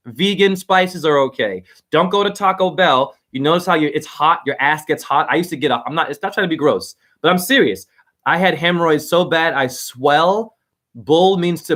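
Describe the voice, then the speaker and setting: A man's voice: a little high, fairly bright tone. A man giving a rambling, profane, preachy livestream monologue while reading out viewer comments.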